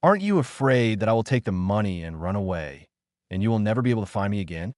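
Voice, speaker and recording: A man's voice: lowish voice, big pitch swings, fast talker, a little mellow, no room sound, studio quality. A man voicing a confident, easygoing young man in an audiobook, speaking in a light, teasing way.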